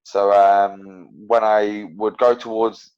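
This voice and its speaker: A man's voice: lowish voice, takes it slowly, clear, resonant tone. A young man and professional fighter, talking casually as a guest, rambling with lots of fillers and restarts. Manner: rambling, full of fillers and restarts, animated storytelling. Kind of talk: casual interview chat. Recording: dull lo-fi podcast audio.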